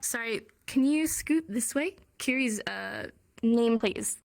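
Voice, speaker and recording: A woman's voice: a little high, expressive, measured pace, vocal fry. A young woman casually teaching a sign language class online, chatty with many fillers and frequent laughs.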